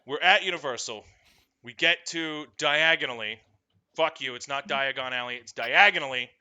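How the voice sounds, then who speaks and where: A man telling comedic stories in a profane, animated way, breaking into shrill shouted impressions. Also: moderate pace. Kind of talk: comedic storytelling.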